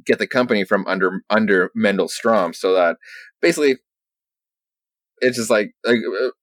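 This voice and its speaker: A man casually recapping a story as a podcast host, rambling with lots of fillers and swearing, telling it with animated energy. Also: lowish voice, moderate pace, no room sound. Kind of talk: casual chat.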